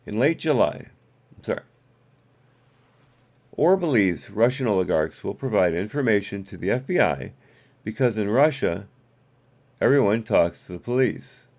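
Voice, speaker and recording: Gravelly low-voiced man reading documents. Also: animated, normal speed, pauses often, darkish tone. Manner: self-correcting, wry asides to chat. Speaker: live-stream host. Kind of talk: reading documents aloud on a live stream.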